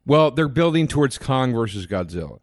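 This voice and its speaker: A man's voice: mid-range voice, big pitch swings, fairly quick, no room sound, studio quality. A man co-hosting a casual movie review podcast, retelling scenes at length with lots of filler words. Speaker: podcast co-host.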